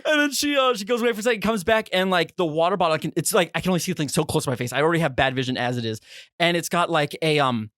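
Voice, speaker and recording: A young man co-hosting a podcast, telling a story in a casual, animated way and acting out his own reactions. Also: very fast, no room sound, clean studio sound. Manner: animated, re-enacts his own reactions with big pitch jumps. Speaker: podcast co-host.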